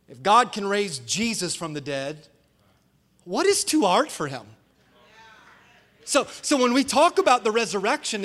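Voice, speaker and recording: High, bright-voiced storytelling pastor. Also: male voice. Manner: animated, acts out quotes with shouts and laughter. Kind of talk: storytelling sermon. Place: church sanctuary. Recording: long church hall reverb.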